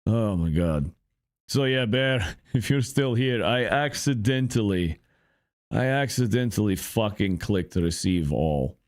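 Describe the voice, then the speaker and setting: A man's voice: fairly low pitch, expressive, takes it slowly, darkish tone, no echo, studio quality. A young man hosting a gameplay channel, rambling through casual commentary with profane, frustrated grumbling. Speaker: gaming channel host.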